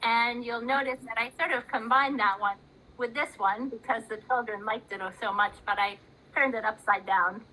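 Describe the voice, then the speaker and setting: A woman narrating a picture story to teachers, slowly and expressively, adding gasps and sound effects. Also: a little high, steady tone, sharp tone, a little hiss or hum, low-quality recording. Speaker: storyteller and workshop presenter.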